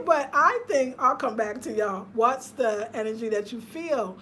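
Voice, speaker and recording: A woman, chatting casually with viewers on a livestream, swinging between loud laughter and hushed murmurs. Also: on the high side, lively intonation, measured pace, hardly any pauses, slight background noise. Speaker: vlogger.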